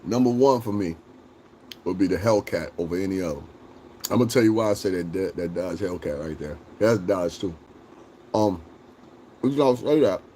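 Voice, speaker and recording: A man livestreaming casual chat with his viewers, joking, swearing and laughing often as he rambles and acts out quick bits. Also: deep voice, animated, warm tone, a little hiss or hum. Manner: talks straight to chat, rambling with restarts.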